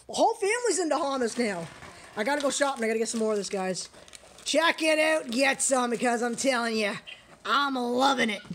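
A woman's voice: a little high, animated, a little fast, fairly bright tone, slight background noise. A woman with a Canadian accent vlogging casually at home, gushing and repeating herself, using baby talk for her dogs.

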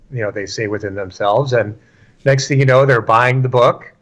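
A man with a mid-range voice talks about scripture at a normal speed, animated and emphatic in a casual yet preachy discussion. He repeats lines for stress and acts out the quotes he cites.

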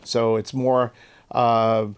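A man speaking as an expert interviewee, explaining in a measured, lecturing way with some hesitations. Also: mid-range voice, flat delivery, clean tone.

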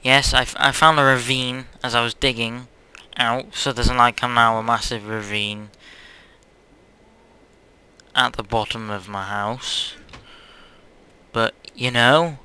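A man's voice: medium pitch, level tone, measured pace, sharp tone, clean tone. A young man hosting his own gaming channel, chatting casually over gameplay in a hyperactive, silly, rambling way.

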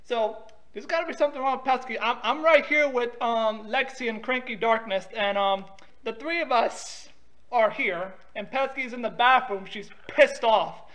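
A man's voice: extremely high pitch, moderate pace, fairly bright tone. A man making a prank phone call, pushy and talking over the other person. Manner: pushy, talks over the other person, says "dude" a lot. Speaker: prank caller.

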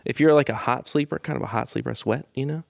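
A man's voice: medium pitch, quick pace, creaky. A man co-hosting a comedy podcast, laid-back and chuckling, with rambling asides. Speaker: podcast co-host. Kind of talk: casual comedy podcast chat.

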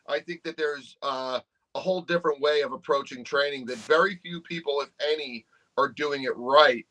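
A man with a New England accent co-hosting a podcast, speaking bluntly and swearing freely in casual chat. His voice sits fairly high and sounds bright and forceful. He jokes around between points. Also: poor audio. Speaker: podcast co-host. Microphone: studio microphone.

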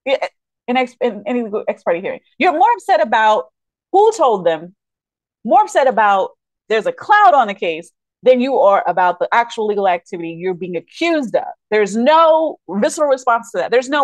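A woman delivers indignant legal commentary with a sarcastic edge, breaking into mocking quotes. Her voice sits on the higher side. The recording is dry and close, with no room sound. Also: big pitch swings, normal speed, no echo. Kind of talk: commentary over court footage.

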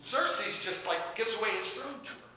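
A man preaching a sermon, retelling a scripture story with animated storytelling and acting out the characters' lines. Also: sits high, moderate pace. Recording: echoey room with faint background noise.

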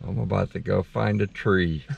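A man's voice: deep voice, steady tone, normal speed, vocal fry, slightly rough, muffled recording. An older man chatting casually on a camping vlog, laid-back and chuckling often. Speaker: vlogger. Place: campground, outdoors and in a car. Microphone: action camera.

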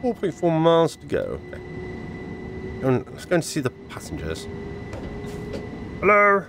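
A man chatting excitedly through gameplay while wearing a VR headset, tired and fighting a cough. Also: on the high side, moderate pace, vocal fry, noisy background. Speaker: gaming video creator. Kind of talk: casual gameplay commentary.

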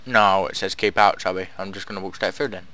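A man's voice: low voice, fairly even intonation, fast talker, bright, forceful tone, a little hiss or hum. A young man casually commentating a story game, sarcastic and swearing freely, talking back at the characters on screen. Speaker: gamer playing through a story game. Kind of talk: casual let's-play commentary.

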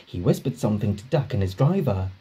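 A man narrating a children's storybook, reading aloud slowly and expressively. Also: fairly low pitch, breathy edge. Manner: slow, expressive read-aloud.

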